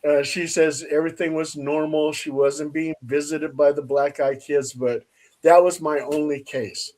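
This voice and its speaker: Hosting a casual chat, a man tells a story with lots of animation, acting out the voices of the people in it. His pitch sits fairly high, and he speaks a little slowly.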